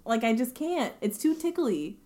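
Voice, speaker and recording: Animated young woman co-hosting a podcast. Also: fairly high pitch, moderate pace. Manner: animated, swearing, lots of fillers, jumps into silly voices. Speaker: podcast co-host. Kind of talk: casual chat.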